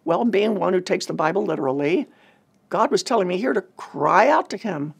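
Woman, ministry leader, gravelly husky tone, earnest and measured testimony talk. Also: fairly low pitch, lively intonation. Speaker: ministry leader telling a personal story.

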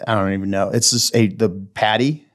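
A man's voice: lowish voice, steady tone, normal speed. A man co-hosting a church podcast in easygoing, enthusiastic casual chat, laughing often. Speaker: podcast co-host.

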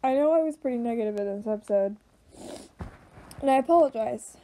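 A young woman giving emotional reaction commentary, choked up and halting, with many fillers and restarts. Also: a little high, dark tone, a little hiss or hum, rough recording. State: choked up, voice tearful. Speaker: video reactor.

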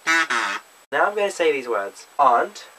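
A man's voice: mid-range voice, animated, brisk, a bit bright, low-quality recording. A young man from Australia with an Australian accent, casually reading a word list and answering questions with playful, self-mocking asides. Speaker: vlogger. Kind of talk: casual accent tag video.

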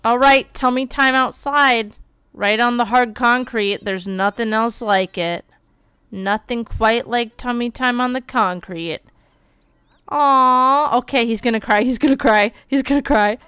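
Woman streamer, lively gameplay commentary, smooth resonant voice. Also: on the high side, no room sound. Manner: animated, bursts of exclaiming and quick read-outs. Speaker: game streamer.

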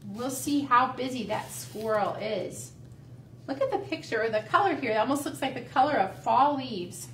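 A woman leading a library storytime, reading aloud to young children in a gentle, sing-song, encouraging way. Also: on the high side, animated, normal speed, a little hiss or hum. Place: library room. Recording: echoey room, voice caught from a distance.

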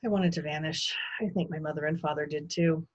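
A woman teacher reading a children's novel aloud in an expressive storytelling manner. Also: sits low, brisk, dull audio.

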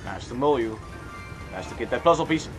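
A young man commentating on a video game, goofy and rambling, jumping between loud outbursts and mumbled asides, on a cheap microphone with hiss. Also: mid-range voice, expressive, a little fast, faint music behind. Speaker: let's play commentator. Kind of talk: casual gameplay commentary.

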